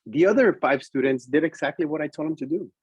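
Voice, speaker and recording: Male teacher-presenter, husky and slightly high-pitched, lively bilingual storytelling. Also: fast talker, no echo, highs cut off. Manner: animated, switches between English and Spanish. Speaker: preschool teacher presenting to educators.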